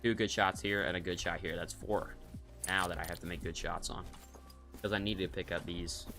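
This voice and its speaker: A man's voice: sits low, fairly even intonation, normal speed, gravelly, bright, forceful tone, soft background music. A man streaming a hunting game, giving casual, rambling commentary and cracking jokes as he thinks aloud.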